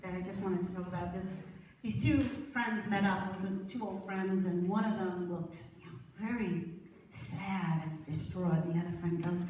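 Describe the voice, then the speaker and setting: A woman's voice: medium pitch, normal speed, warm tone, slight background noise. A woman minister giving an inspirational sermon, telling a story with laughter and checking in with her congregation. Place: sanctuary with altar. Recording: echoey room, speaker far from mic.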